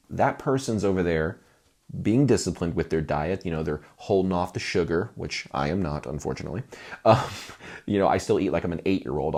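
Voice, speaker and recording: A man's voice: low-pitched, a little mellow, husky. A man coaching musicians in a conversational, self-deprecating talking-head video, often checking in with "right?".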